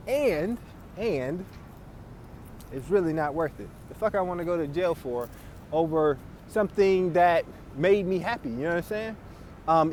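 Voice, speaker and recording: Man hosting casual chat, profane and animated, lively swings in pitch, faint street noise behind. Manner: profane, animated, laughs often. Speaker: podcast host.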